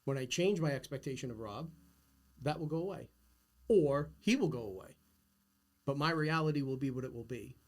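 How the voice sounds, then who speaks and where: Middle-aged male podcast host, earnest and emphatic, mid-pitched. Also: normal speed, long pauses. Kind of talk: casual conversation.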